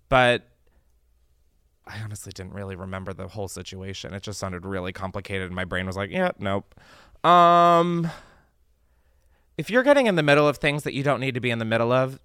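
A man's voice: on the low side, bright, forceful tone, smooth, dry recording, clean studio sound. A young man hosting a podcast, chatting casually in a campy, profane way. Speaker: podcast host.

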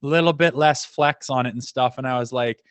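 Guesting on a podcast, a former hockey player from Canada, middle-aged, spins loose stories in a relaxed manner, laughing and swearing a lot. He speaks at a moderate pace with a medium-pitched voice.

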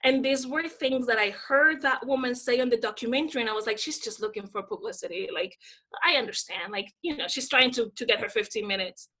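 This Dominican woman, a guest in a relaxed interview, is hyper and animated as she tells stories, imitating the voices of those she quotes. She speaks at a fairly high pitch and a little fast.

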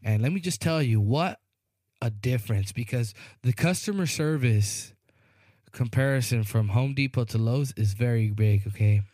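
Chatting casually as a podcast co-host, a man meanders through a lengthy anecdote, voicing the people involved and frequently tossing in "you know what I mean." He has a mellow, mid-range voice at a moderate pace, captured in echo-free studio quality.

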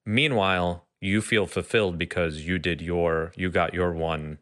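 A man with a very deep voice chats in a relaxed, upbeat way. The sound is dry and close to the mic. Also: a little slow, dry recording. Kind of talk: casual chat.

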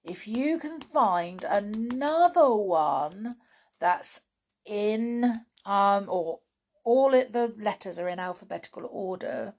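A woman's voice: mid-range voice, expressive, slow pace, darkish tone. A British woman hosting a children's podcast, chatting playfully to young listeners about riddles and fun facts, often laughing.

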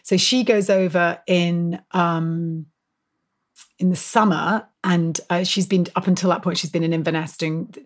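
A woman's voice: lowish voice, steady tone, measured pace. A woman, speaking as an author interviewed as a guest. She tells her stories with energy, laughs often, and uses lots of fillers and restarts. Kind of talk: animated storytelling interview.

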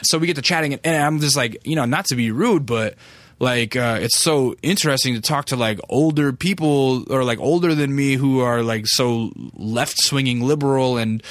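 A man's voice: medium pitch, moderate pace, dry recording. A young man telling a casual, rambling story with lots of swearing and filler words.

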